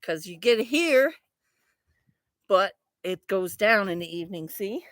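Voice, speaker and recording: A woman vlogging casually outdoors in her garden, rambling excitedly and swearing freely. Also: medium pitch, measured pace. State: a little out of breath.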